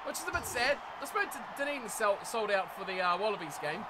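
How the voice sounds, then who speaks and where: A man with a New Zealand accent giving excitable live commentary while playing a rugby video game, often yelling at the screen. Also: high voice, quick pace, very noisy. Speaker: gaming YouTuber.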